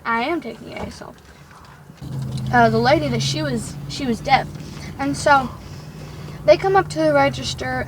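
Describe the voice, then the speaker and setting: A woman's voice: high voice, background noise. A young woman in casual chat, telling a rambling story about her first workday and leaning on "like" a lot. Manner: rambling storytelling, heavy use of "like".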